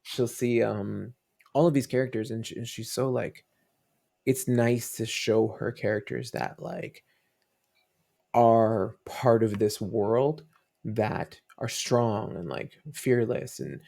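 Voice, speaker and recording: Gravelly-voiced dad telling stories. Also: male voice, mid-range voice, takes it slowly, dark tone. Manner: rambling storytelling with many fillers and restarts. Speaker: podcast guest. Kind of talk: casual interview chat.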